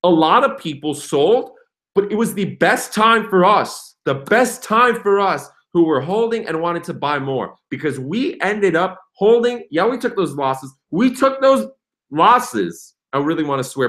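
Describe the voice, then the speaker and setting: An excitable young man chats loosely on a livestream, rambling from one thought to the next and stopping to read comments aloud. His voice sits a little high and swings widely in pitch as he gets hyped. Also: measured pace. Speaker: crypto livestream host. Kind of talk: casual livestream chat.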